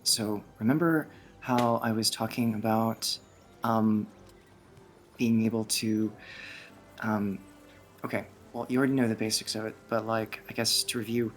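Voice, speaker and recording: This is a man doing a geeky young healer woman in a tabletop game, explaining magic in an excited ramble. She restarts sentences and fills gaps with ums. The voice stays low. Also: faint music behind, natural voice. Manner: rambling, halting, full of fillers.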